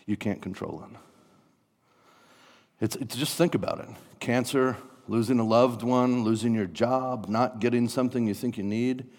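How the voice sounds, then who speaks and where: Man, pastor, sermon, animated, acts out frantic voices, long hall reverb. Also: mid-range voice.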